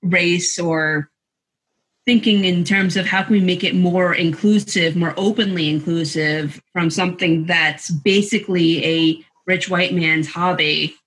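Bright, earnest voice on a panel. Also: mid-range voice. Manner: thoughtful, earnest. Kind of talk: casual roundtable chat.

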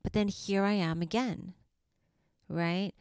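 A woman hosting a spiritual podcast for mothers, speaking softly and affectionately and sometimes dropping to a whisper. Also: medium pitch, fairly even intonation, slow pace, clear, resonant tone, dry recording, clean studio sound. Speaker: podcast host and life coach. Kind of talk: slow, soothing spiritual podcast talk.

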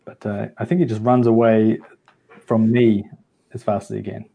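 A man's voice: lowish voice, flat delivery, normal speed, vocal fry, husky, phone-quality sound. A young man playing a tabletop game, hesitant and full of ums, with a joking streak. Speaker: player.

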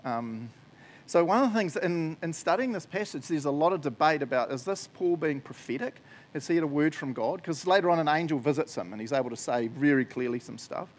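A man's voice: on the high side, expressive, fairly quick. A man giving a casual, joking sermon, often laughing as he talks. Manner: chatty, jokey, laughs often. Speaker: preacher.

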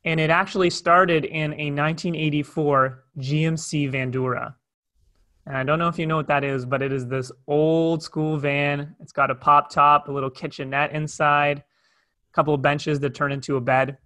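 A young man recounts a personal story in a candid, conversational way. His voice is bright and sits a little higher than most men's, with an animated, natural flow. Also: normal speed. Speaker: speaker telling a personal story. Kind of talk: storytelling talk.

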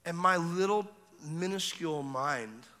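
A man preaching a revival sermon as an evangelist, telling stories and acting out voices, going from hushed to shouting. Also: on the high side, measured pace. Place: large church hall. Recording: long hall reverb.

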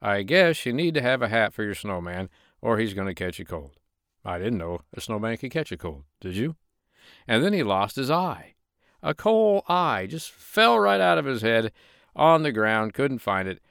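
A man reading a bedtime story aloud, with a gentle, lively storytelling manner. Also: medium pitch, moderate pace, vocal fry, smooth, no room sound, studio quality.

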